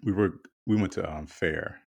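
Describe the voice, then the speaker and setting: A man's voice: deep voice, normal speed, creaky, slightly rough. A man co-hosting a podcast, telling a candid, chatty story in casual conversation with some swearing. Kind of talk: casual chat.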